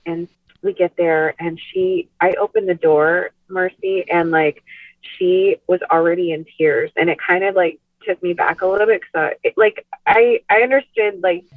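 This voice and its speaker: A woman guest on a podcast, telling a personal story in a soft, halting way with many "like" and "you know" fillers. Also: lowish voice, fairly even intonation, no echo. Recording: tinny phone line.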